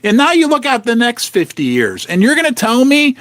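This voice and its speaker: Emphatic high-voiced man. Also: wildly swooping pitch, a little fast, fairly bright tone, no room sound. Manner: emphatic, rhetorical questions, jokey asides. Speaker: host of a precious metals channel. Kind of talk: animated casual monologue to camera.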